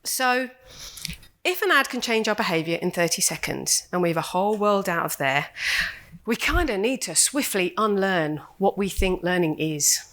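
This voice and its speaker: A woman's voice: mid-range voice, expressive, moderate pace, a bit bright. A woman from Australia giving a playful, jokey conference talk on stage and chatting with the audience. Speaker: conference speaker. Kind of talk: lively keynote talk.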